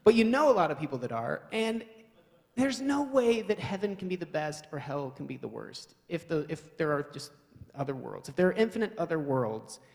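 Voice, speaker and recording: A man's voice: on the high side, big pitch swings, normal speed, vocal fry, a little mellow. A man doing live stand-up comedy in a wry, rambling, self-mocking way, at a live event hall.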